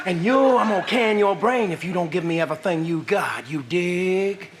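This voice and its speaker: A man's voice: high-pitched, animated, normal speed, faint music behind. An actor playing a cocky male street mugger who boasts and threatens in slang. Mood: swaggering menace. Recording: studio audience, live broadcast.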